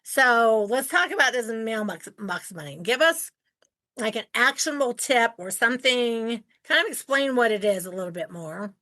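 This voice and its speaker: Podcast host, woman in her sixties from Ohio, bright higher voice, animated storyteller. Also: moderate pace. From Ohio, United States. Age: 60s. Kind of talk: casual interview chat.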